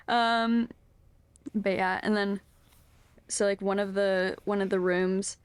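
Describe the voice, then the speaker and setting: A woman's voice: medium pitch, steady tone, takes it slowly, clean tone, dry recording. A woman in her twenties, co-hosting a podcast in casual chat. She tells stories with lots of "like" fillers and laughs often. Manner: chatty storyteller, laughs often, heavy "like" filler. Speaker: podcast co-host.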